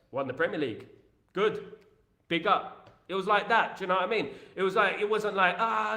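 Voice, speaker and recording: Male football streamer, high voice, emphatic and rambling, echoey room. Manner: animated, rambling, emphatic, British slang. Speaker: football podcast host. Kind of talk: live-stream chat reading viewer comments.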